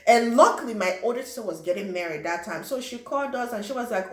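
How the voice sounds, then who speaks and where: A young woman from Africa telling a personal story in a lively way, acting out what people said and adding sound effects. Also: fairly high pitch, quick pace. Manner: animated, acts out quotes and sound effects. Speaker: vlogger. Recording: roomy echo.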